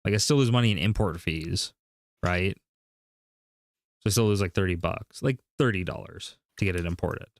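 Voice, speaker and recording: A man with a fairly low voice tells a long story in casual stream chat. He rambles, loops back and leans on fillers as he goes. The sound is dry and close, with no room around it. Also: normal speed, long pauses, no room sound.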